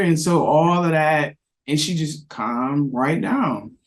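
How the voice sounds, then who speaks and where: A man's voice: a little high, takes it slowly. A man on a parenting discussion panel, telling a reflective anecdote with frequent restarts. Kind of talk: casual discussion.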